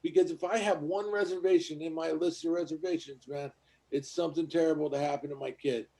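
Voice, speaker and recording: A man's voice: fairly high pitch, fairly even intonation, a little fast, mellow. A man on a casual podcast, telling blunt, profane stories about meetings and recovery. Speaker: podcast co-host.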